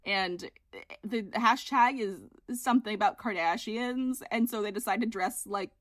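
A woman's voice: medium pitch, unhurried, dry recording. A woman co-hosting a podcast, chatting casually with laid-back, dry asides. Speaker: podcast co-host. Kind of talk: casual recap chat.

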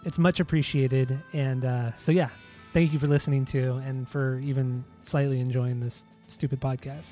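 Mellow-voiced podcast host, rambling. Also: male voice, medium pitch, level tone, normal speed, few pauses, faint music behind. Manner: rambling, self-mocking, swears. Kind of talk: casual podcast chat.

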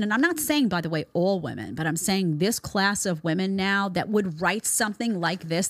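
A woman's voice: medium pitch, no room sound. A woman in her thirties hosting a commentary show, blunt and sarcastic in her opinions. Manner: blunt, sarcastic, mocking voices in quotes.

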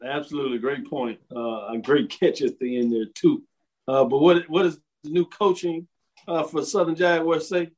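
A man hosting a sports radio show and podcast from a home studio, chatty and upbeat with quick asides. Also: fairly high pitch, slightly rough, poor audio. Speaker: host. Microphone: home studio mic.

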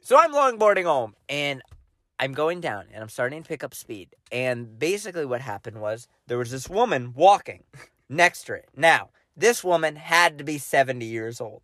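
A man's voice: on the high side, sing-song, normal speed, fairly bright tone, no room sound. A young man co-hosting a podcast, telling a self-mocking story in casual chat and acting out his own lines. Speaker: podcast co-host.

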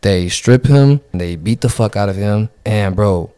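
A man's voice: fairly low pitch, a little slow, dark tone, clean tone, dry recording. A young man co-hosting a podcast, telling a story in laid-back slang with many fillers. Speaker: podcast co-host. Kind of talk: casual chat, storytelling.

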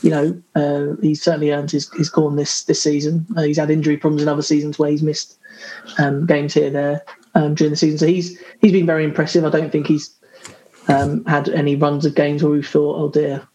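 Brief: higher-voiced man, podcast panellist, careful and hesitant. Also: level tone, warm tone, rough recording. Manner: measured, thoughtful, hesitant with many ums. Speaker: podcast co-host. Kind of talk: casual chat.

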